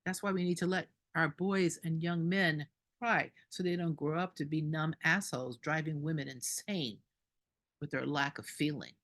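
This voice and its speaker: Woman, doula, slightly low voice, animated storytelling, indignant, laughs now and then. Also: normal speed. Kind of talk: storytelling at a group meeting.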